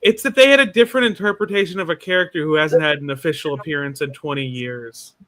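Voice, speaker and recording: Rambling male co-host, high and bright. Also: fast talker, no echo. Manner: rambling, animated explaining. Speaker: podcast co-host. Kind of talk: casual chat.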